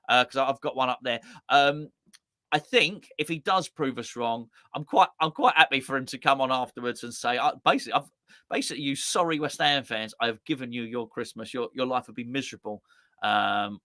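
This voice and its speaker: A man's voice: on the high side, pushed and bright, dry recording. A man hosting a live football fan stream, chatting loosely and reading out viewer comments with lots of stammered restarts. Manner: rambling, stammering restarts, chatty and self-deprecating. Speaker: host of fan channel watch-along.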